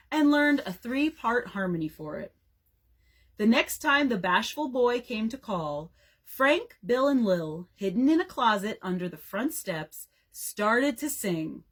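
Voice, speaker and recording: A young woman librarian reading a chapter book aloud at bedtime. Her voice is husky and breathy, and her pitch stays lively and animated. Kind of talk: bedtime story read-aloud.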